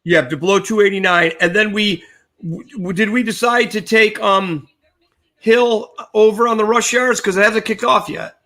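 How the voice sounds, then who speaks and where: Older man, high bright voice, casual joking sports betting banter. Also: moderate pace. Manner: chatty, joking, repeats punchlines. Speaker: sports betting show co-host.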